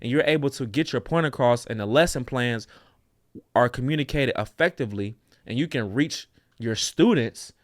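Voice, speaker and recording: A man co-hosting a casual reaction show, speaking in an animated, opinionated way. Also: medium pitch, moderate pace, no room sound, clean studio sound. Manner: animated, opinionated, slips into mocking voices. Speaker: co-host.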